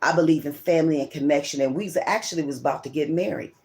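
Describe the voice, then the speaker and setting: A woman's voice: sits low, quick pace, a little mellow. A middle-aged woman and channel host telling a personal story in a rambling, emotional way, often repeating herself. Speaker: tarot reader and channel host.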